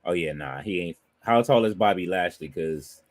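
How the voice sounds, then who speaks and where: A man with a low voice co-hosting a casual wrestling talk, laid-back and hesitant, filling his speech with lots of fillers. The sound is dry and close. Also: lively intonation, normal speed, no echo. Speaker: podcast co-host.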